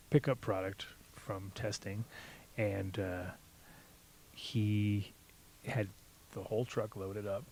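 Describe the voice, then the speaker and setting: A man's voice: lowish voice, vocal fry, slight background noise. A man hosting a casual podcast chat, telling stories with lots of swearing and acting out quotes in a raised voice. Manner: animated, profane, acts out quotes in a raised voice. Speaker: podcast host.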